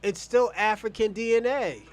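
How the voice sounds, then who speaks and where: Combative, high-voiced American man. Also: moderate pace. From United States. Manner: combative, blunt and profane. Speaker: online show host. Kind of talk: heated live debate.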